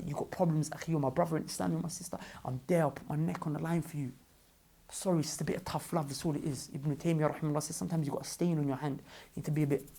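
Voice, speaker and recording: Man, husky gravelly voice, fervent pleading vlog talk. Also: fairly high pitch, darkish tone. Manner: fervent, pleading, often repeats himself. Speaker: online preacher and fundraiser. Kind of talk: impassioned vlog address.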